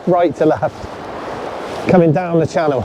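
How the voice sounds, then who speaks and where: A man casually chatting to his viewers while fishing on a sandy shore, talking straight to the camera and getting excited when a fish bites. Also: a little high, moderate pace. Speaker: fishing vlogger. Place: outdoors on a sandy shore at low tide. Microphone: camera set up on the beach. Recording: outdoor recording with loud surf noise. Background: waves and surf.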